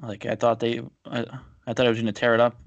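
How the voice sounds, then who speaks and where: A man's voice: medium pitch, monotone, fast talker, dry recording, dull audio. A man co-hosting a podcast, casually sharing baseball trivia with lots of fillers and an easygoing manner. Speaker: podcast co-host. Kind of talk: casual chat.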